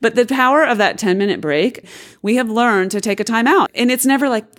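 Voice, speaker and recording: A woman's voice: a little high, expressive, brisk. A middle-aged woman co-hosting a casual chat with her husband, playful and fiery, laughing often. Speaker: podcast co-host. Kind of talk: casual married-couple chat.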